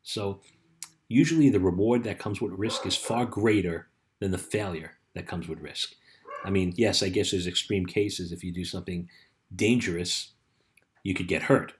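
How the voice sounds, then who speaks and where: Low-voiced man giving a casual coaching talk. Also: moderate pace, a little hiss or hum. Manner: storytelling, frequent "right?" and "you know" fillers. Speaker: life coach.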